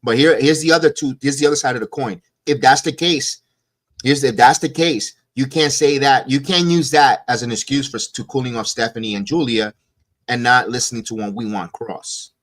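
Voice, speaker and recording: A hoarse man co-hosting a casual podcast, rambling and restarting his sentences often. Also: medium pitch, moderate pace, fairly bright tone. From USA. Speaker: co-host. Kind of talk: casual wrestling podcast chat.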